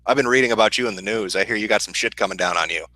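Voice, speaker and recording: A man with a Midwestern accent, hosting a casual livestream and answering chat questions in a profane, deadpan, sardonic way. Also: lowish voice, very fast, no room sound, rough recording. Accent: Midwestern American.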